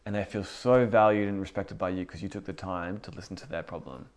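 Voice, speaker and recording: A young man with a fairly low voice teaches casually and conversationally, much like a youth pastor speaking to his group. He talks fairly quickly, peppering his speech with "like" and often repeating words.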